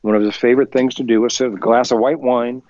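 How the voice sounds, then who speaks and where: A man of middle pitch recounts a story to an interviewer, lively and chatty, switching voices for the people he quotes. The sound is dry, with almost no room echo. The top end is a little muffled. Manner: lively, acts out quoted voices, chuckles while telling; talks faster when excited. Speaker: musician guest. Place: home recording studio.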